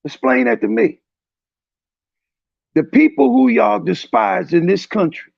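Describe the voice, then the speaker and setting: Gravelly, preachy man in his fifties. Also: high-pitched, dry recording. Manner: preachy, confrontational, shouting at times. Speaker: panel speaker. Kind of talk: heated online discussion. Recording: dull lo-fi stream audio.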